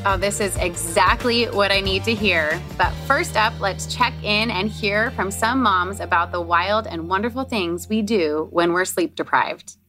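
A woman co-hosting a parenting podcast in a warm, chatty scripted manner. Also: medium pitch, a little slow, hardly any pauses. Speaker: podcast co-host, blogger. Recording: guitar music underneath.

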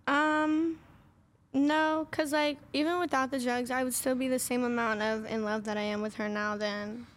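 A young woman speaks as an interview guest in a high, light voice. She is laid-back and slangy, swearing easily in a relaxed, chatty way. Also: moderate pace. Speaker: guest, rapper. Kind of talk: casual interview chat.

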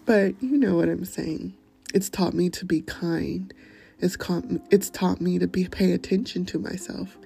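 A woman hosting a podcast, speaking gently and often slipping into a breathy near-whisper as she shares encouragement and poetry. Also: fairly low pitch, fairly even intonation, a little slow. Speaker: podcast host. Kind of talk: gentle motivational talk and poetry reading.

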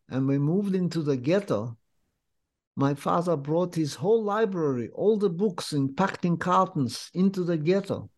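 An older man from Lithuania, recounting his memories in an interview as a vivid, unhurried storyteller. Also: a little high, a little mellow. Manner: vivid, unhurried storyteller with slightly non-native English phrasing. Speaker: interviewee, memoir author.

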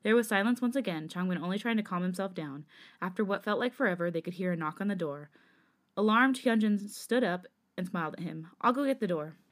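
A woman hosting a podcast reads fanfiction aloud in an even, steady way. Her voice sits at a middle pitch for a woman. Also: a little fast. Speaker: podcast host.

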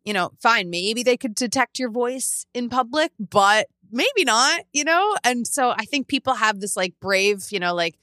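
A woman co-hosting a podcast in the studio, telling stories in a casual, animated way and acting out quotes, with casual swearing. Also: a little high, a little slow, few pauses, no echo. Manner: animated storytelling, acts out quotes, swears freely. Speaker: podcast co-host. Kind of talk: casual chat.

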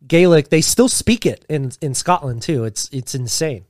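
A man's voice: fairly high pitch, expressive, normal speed, a little mellow, no room sound, studio quality. A young man co-hosting a podcast in casual chat, joking, rambling and swearing freely. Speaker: podcast co-host.

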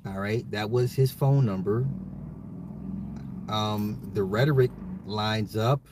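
Over background noise, a man with a fairly low-pitched voice takes his time as he speaks. An adult and a father, he hosts a solo social commentary podcast, addressing listeners head-on with emphasis and frequent repetition.

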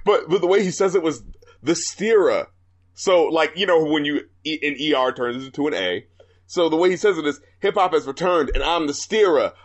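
Animated, laughing male co-host. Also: fairly high pitch, normal speed. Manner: animated, laughing, mocking quotes. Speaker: podcast co-host. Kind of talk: casual album review chat.

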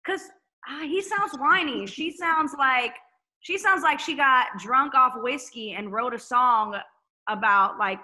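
A woman guest musician chatting casually, candid and lively, swearing freely. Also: high voice, unhurried. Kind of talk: casual chat.

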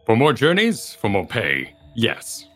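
Man doing a gruff businesslike hoofed driver, low and bright, tabletop game. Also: huge pitch swings, slow pace, soft background music, heavily acted.

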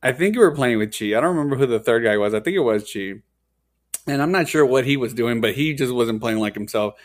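A man's voice: mid-range voice, expressive, quick pace. A young man hosting a casual podcast chat, telling a story animatedly, full of profanity and words like dude and hella.

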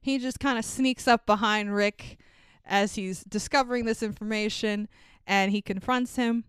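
A woman casually recapping a movie, swearing freely and acting out the characters' lines with lively energy. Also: medium pitch, moderate pace, smooth, no echo. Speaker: podcast co-host.

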